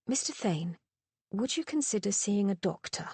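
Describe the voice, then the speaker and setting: A woman's voice: medium pitch, expressive, moderate pace, warm tone, husky, dry recording. A woman voicing a proper young lady who is polite and frosty. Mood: concerned.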